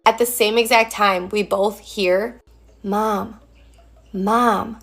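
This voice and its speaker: A woman's voice: mid-range voice, steady tone, slow, a bit bright. Stunned woman recounting a haunting. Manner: stunned, hesitant. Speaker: storyteller in a clip. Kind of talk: casual storytelling.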